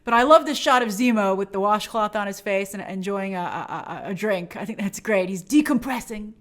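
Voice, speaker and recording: A woman's voice: mid-range voice, a little fast, fairly bright tone. A woman hosting a review show, giving a chatty and enthusiastic breakdown of a TV episode and sometimes acting out the characters' lines. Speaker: film and TV review show host. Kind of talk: casual episode breakdown commentary.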